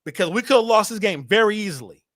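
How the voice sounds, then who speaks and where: A young man hosting a sports fan livestream, animated and hyped, talking straight to his chat. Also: sits high, fast, dry recording, clean studio sound. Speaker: fan show host.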